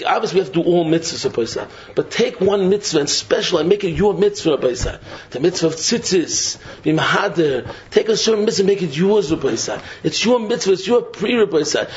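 A man giving a Torah sermon in a sing-song preaching cadence, dropping to a low, soft refrain again and again. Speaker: rabbi giving a Torah talk. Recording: dull lo-fi recording.

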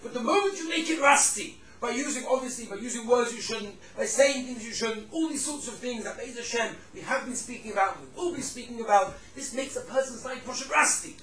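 A man giving a Torah class to a room of listeners, telling stories with lively swings between loud emphasis and hushed tones. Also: very high voice, a little fast, hardly any pauses, roomy sound, distant mic, a crowd in the background, low-quality recording. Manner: animated storyteller, drops to hushed tones for the sad parts.

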